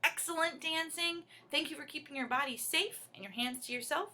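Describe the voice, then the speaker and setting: A woman with a high, bright voice guides young children through a movement song, cheerful and encouraging as she explains each step. Guitar music plays behind her, clearly heard. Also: brisk. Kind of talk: leading a children's dance song. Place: at home. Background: acoustic guitar.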